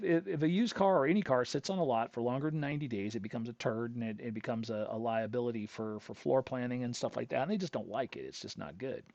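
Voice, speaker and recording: A man's voice: mid-range voice, vocal fry, a little mellow, no room sound. A middle-aged man hosting a show, telling a long personal story in a casual, rambling way that circles back on itself. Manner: rambling, chatty, self-interrupting storyteller. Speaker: host. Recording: dull lo-fi dry recording.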